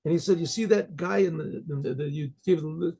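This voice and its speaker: Gravelly, husky man telling a story. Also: on the high side, fairly quick. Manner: rambling, animated, full of restarts. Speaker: rabbi. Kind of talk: storytelling talk.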